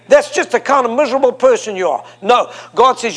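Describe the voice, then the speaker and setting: A man's voice: very high voice, expressive, a little fast, hardly any pauses, husky. A man preaching a sermon to a congregation, emphatic and repetitive, leading them in call and response. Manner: emphatic, repeats phrases for effect. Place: church before a congregation.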